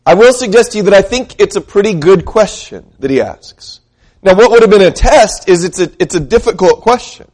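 A man preaching a sermon, earnest and questioning his listeners, slowing down to read scripture aloud. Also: high voice, expressive, darkish tone. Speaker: pastor.

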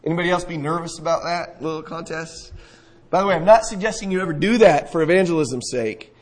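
A pastor with a high, fairly bright voice delivers a sermon, vividly retelling a scripture story. He acts out scenes and puts questions to his listeners, all on a rough recording.

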